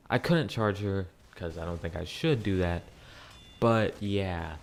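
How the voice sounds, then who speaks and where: A young man giving casual commentary over gameplay, ranting about his fast food job with swearing and frequent laughs. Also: fairly low pitch, a little mellow, a little hiss or hum.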